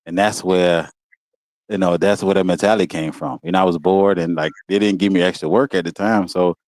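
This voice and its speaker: A man telling stories about his school days in a relaxed, casual way, often laughing and saying "you know what I'm saying". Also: sits low, fairly quick, no echo. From Walterboro, South Carolina. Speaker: guest. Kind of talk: casual storytelling. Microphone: video call.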